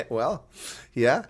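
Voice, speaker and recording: A man hosting a casual live rugby watch-along, chatting loosely, laughing often and reading viewer comments aloud. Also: on the high side.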